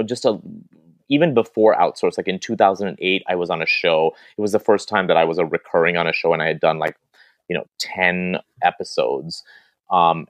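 Deep-voiced man chatting in an interview. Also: no echo, highs cut off. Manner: chatty, many restarts and fillers. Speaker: actor and interview guest. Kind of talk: casual interview chat.

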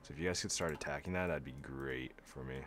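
A young man giving casual, sarcastic gameplay commentary as a video host, often laughing at himself and going deadpan when joking. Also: a bass voice, quick pace, faint music behind. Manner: flat monotone when joking.

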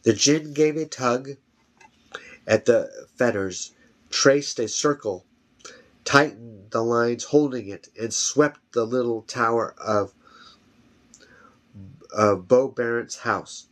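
Slow-reading man narrating a novel. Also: mid-range voice. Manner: steady reading with small slips. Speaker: reader.

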